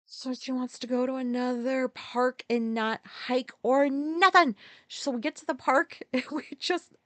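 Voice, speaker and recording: Podcast host, woman, fairly high voice, candid and swearing, dry close mic. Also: fairly even intonation, no room sound. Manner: halting, profane, with restarts and sudden pitch jumps. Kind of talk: candid personal storytelling.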